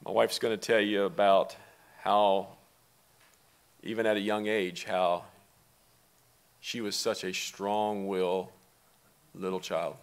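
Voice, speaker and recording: A middle-aged man, a father speaking at a memorial service, talking softly and haltingly, with pauses. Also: on the low side, flat delivery, smooth. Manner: soft-spoken, halting, with pauses. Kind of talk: personal eulogy and reading aloud. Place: church sanctuary.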